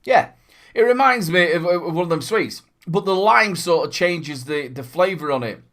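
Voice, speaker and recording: A cheerful man hosts a casual product review vlog, talking straight to his viewers. His voice sits slightly above the usual male pitch. He chats in a rambling, upbeat way and throws in playful asides as he goes. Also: lively intonation, moderate pace, fairly bright tone. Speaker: vape reviewer and channel host.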